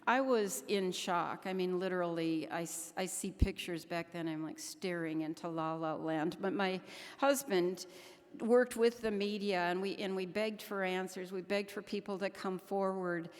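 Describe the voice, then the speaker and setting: An older woman speaks earnestly from a conference stage, her low voice carrying through a large, echoing hall. She talks haltingly, often restarting her sentences as she goes. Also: fairly even intonation. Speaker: keynote speaker. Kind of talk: conference speech. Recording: echoey hall.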